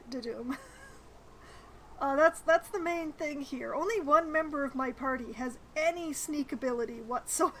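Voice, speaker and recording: A woman streams her playthrough of a role-playing game, reading the dialogue aloud and tossing in wry, chatty asides. Her voice is high and fairly bright, captured on a low-quality recording with slight background noise.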